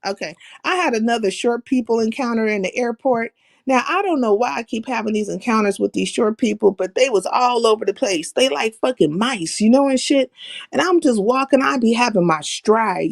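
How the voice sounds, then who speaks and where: A woman's voice: on the high side, gravelly, dry recording. Brash, profane woman livestreamer. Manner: brash, profane, animated storyteller with slang. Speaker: livestream host. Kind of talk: casual profane storytelling chat.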